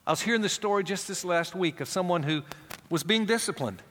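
A middle-aged pastor preaching a sermon, swinging from raised, animated passages to low, hushed emphasis, with quoted voices acted out in conversational asides. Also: male voice, a little fast, big-room sound.

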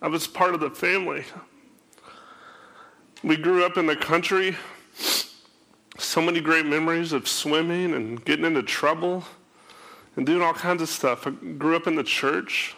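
A man with a somewhat high voice and a gravelly edge tells his personal testimony at an unhurried pace. He speaks haltingly, often repeating his words. His tone is bright and pressing.

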